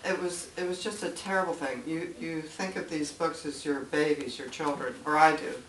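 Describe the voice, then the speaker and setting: An older woman speaking as guest at a writers' meeting, chatty and animated, acting out quoted voices as she tells stories. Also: deep voice, normal speed. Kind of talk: casual storytelling talk. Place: meeting room. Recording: far-off mic in an echoey room with faint noise.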